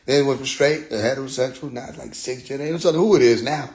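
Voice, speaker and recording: A young man casually telling a story as a podcast host, animated and profane, acting out other people's voices now and then. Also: mid-range voice, fast talker.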